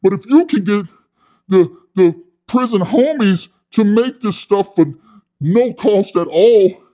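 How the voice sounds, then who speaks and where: Eager investor guy, voiced by a man, stumbling, mellow tone. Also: high-pitched, lively intonation, slow, voice pushed up. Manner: stumbling, repeating words. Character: eager male clothing-brand investor.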